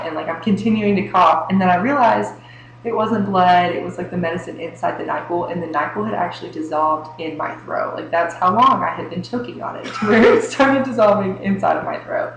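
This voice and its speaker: A woman's voice: mid-range voice, moderate pace. A teenage girl tells a story casually, giggling and saying "like" constantly. Her voice carries a noticeable room echo, with a faint hum underneath. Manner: giggly, fills every phrase with "like". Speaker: interviewee telling a personal story.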